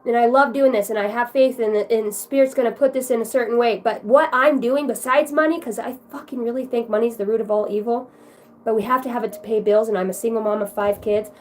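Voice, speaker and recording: A woman's voice: on the high side, fairly even intonation, a little fast, a little mellow. A woman giving a casual livestream card reading, chatty and effusive, swearing freely as she talks to her viewers. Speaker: tarot reader.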